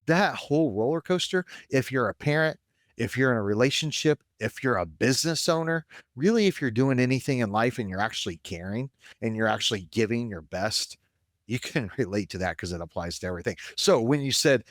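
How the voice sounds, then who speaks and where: A man co-hosting a casual podcast, telling stories in an animated way that swings between excitement and deflation. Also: medium pitch, fairly quick, no echo, clean studio sound. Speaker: podcast co-host. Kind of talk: casual conversational podcast chat.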